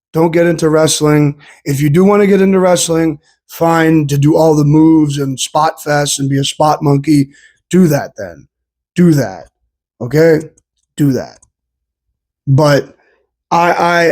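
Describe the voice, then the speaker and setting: A man's voice: fairly high pitch, unhurried, darkish tone. A young man ranting casually as a vlogger, heated and profane, tacking "bro" and "dude" onto his sentences. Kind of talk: casual rant.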